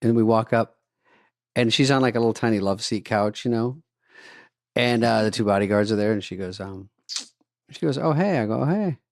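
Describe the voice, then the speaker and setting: A man's voice: on the low side, fairly even intonation, brisk, pauses often, darkish tone, dry recording, clean studio sound. A man co-hosting a comedy podcast, telling a rambling, self-interrupting anecdote in casual chat. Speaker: podcast co-host.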